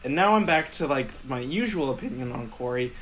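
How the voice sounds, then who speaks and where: A man's voice: medium pitch, lively intonation, a little fast, a bit bright, a little hiss or hum. A man co-hosting a podcast, arguing about a film in a blunt, teasing, profane way. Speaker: podcast co-host. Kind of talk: casual film debate.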